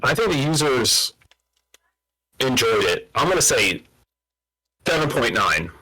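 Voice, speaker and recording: A man's voice: medium pitch, sing-song, unhurried, sharp tone, husky, low-quality recording. A man co-hosting a podcast, chatting casually and chiming in with short agreeing replies. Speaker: podcast co-host. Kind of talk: casual chat.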